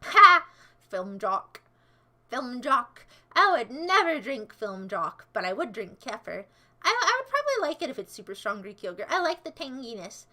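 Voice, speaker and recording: A woman's voice: high voice, sing-song, moderate pace, sharp tone. A woman livestreaming in a casual chat, answering her viewers in a playful, goofy way that jumps between silly voices and asides.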